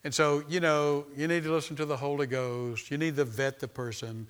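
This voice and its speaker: Bright-voiced preacher, man. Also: fairly high pitch, little pitch movement, moderate pace, smooth. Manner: preaching with call-and-response, stumbling restarts, swells in loudness. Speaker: pastor. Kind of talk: sermon.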